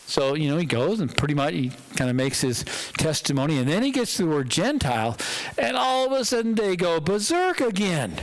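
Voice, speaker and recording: A male pastor giving a conversational, dramatic sermon in a church, with pauses for effect. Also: fairly high pitch, very animated, rough recording.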